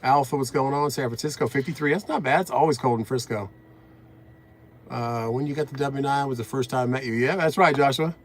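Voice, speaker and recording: A man's voice: medium pitch, fairly quick, slight background noise. A middle-aged man in his truck cab, live-streaming from a phone on the dash, chatting casually and greeting viewers, a bit out of breath. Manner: reads out viewer comments, upbeat and chatty.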